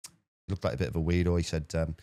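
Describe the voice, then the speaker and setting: Fast-talking deep-voiced man. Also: dry recording. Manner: rapid, animated anecdote-telling with repeated words. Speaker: podcast guest. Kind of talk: casual storytelling.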